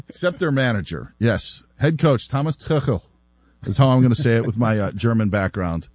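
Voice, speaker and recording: Animated laughing male sports radio host. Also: medium pitch, moderate pace, no echo. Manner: animated, laughing, repeats himself. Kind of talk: casual sports talk.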